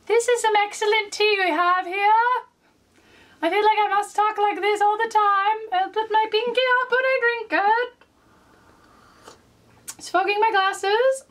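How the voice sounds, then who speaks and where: A woman voicing a prim high-society lady sipping tea, speaking with affected refinement. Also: fairly even intonation, measured pace, long pauses, fairly bright tone, far from the mic. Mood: haughty. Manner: affected, pinky-raised refinement.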